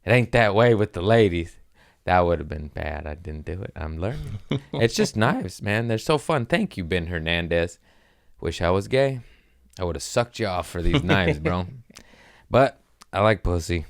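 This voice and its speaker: A man's voice: low-pitched, very animated, unhurried, gravelly. A man hosting a comedy podcast, rambling through crude jokes in a casual monologue, giggling often and slipping into silly voices.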